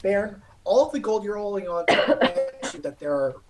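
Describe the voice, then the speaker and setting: A man's voice: high voice, expressive, fairly quick, poor audio. Argumentative man at a tabletop game. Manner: in-character, argumentative, laughing. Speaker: player. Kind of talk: casual tabletop game talk.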